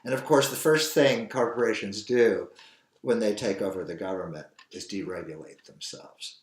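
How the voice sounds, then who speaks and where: A man's voice: lowish voice, normal speed. An older man hosting his own show, talking in a rambling, earnest, opinionated monologue. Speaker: show host. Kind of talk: opinionated solo commentary. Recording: echoey room.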